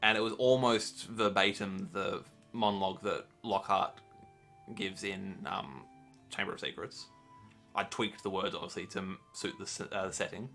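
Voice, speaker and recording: A man's voice: deep voice, fairly even intonation, moderate pace, gravelly, fairly bright tone, soft background music. A man acting as game master, chatting casually about the campaign with frequent ums.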